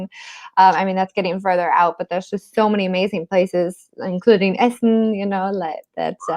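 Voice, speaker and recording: A woman's voice: medium pitch, darkish tone. A woman from Canada, a guest on a livestream, talking casually with a mixed North American accent, laughing often and saying "like" a lot. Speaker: guest, expat blogger.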